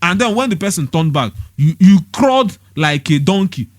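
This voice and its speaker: A man's voice: sits high, big pitch swings, moderate pace, no echo. A young Nigerian man giving a preachy, scolding monologue, hammering the same points with rhetorical questions. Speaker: motivational vlogger.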